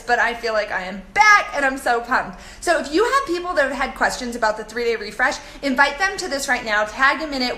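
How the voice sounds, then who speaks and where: Bubbly high-voiced woman on a live video. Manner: bubbly, animated storytelling, reads comments aloud. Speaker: coach hosting a live video. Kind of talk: live-stream chat to viewers. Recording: echoey room with faint background noise.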